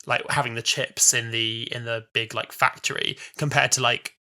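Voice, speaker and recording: Bright-toned enthusiastic young man. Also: medium pitch, steady tone, moderate pace. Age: 20s. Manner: enthusiastic, rambling with repeated restarts. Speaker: podcast co-host. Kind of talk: casual chat.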